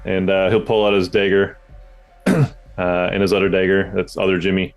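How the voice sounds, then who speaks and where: A man's voice: sits low, fairly even intonation, normal speed, soft background music. A man playing a tabletop game, bantering and joking while he describes his character's actions. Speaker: player. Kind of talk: casual tabletop play.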